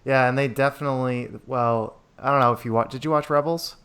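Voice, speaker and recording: A man's voice: medium pitch, steady tone, brisk, a crowd in the background. A man co-hosting a casual fan podcast, easygoing and a little hesitant, often chiming in with agreement. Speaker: podcast co-host. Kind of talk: casual fan chat reacting to a trailer.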